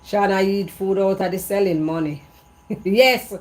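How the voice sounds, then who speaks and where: A woman's voice: mid-range voice, a little slow. A Jamaican woman in a casual gossip monologue, repeating herself for emphasis in patois, speaking outdoors in an evening breeze. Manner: repetitive, emphatic storytelling in patois. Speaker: vlogger.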